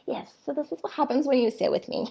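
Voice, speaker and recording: A woman's voice: sits high, fast, gravelly, dark tone. A woman in her thirties, a spiritual coach talking on a live stream in a candid, fiery way.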